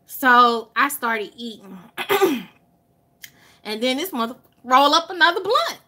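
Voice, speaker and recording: An Alabama vlogger with a Southern accent tells her viewers a story animatedly, stretching out words for emphasis and cursing freely. Her voice is high and her pace slow.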